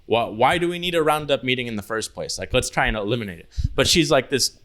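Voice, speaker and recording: A man's voice: medium pitch, animated, quick pace, a bit bright. Loose, swearing young man telling stories. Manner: loose, swearing storyteller, heavy use of "like". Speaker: podcast co-host. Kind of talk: casual chat.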